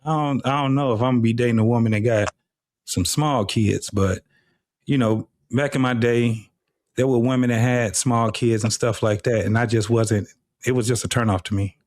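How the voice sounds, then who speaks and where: A man's voice: medium pitch, steady tone, normal speed, darkish tone, no echo, clean studio sound. A middle-aged man hosting a live talk show, speaking bluntly and casually with frequent profanity. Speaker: host.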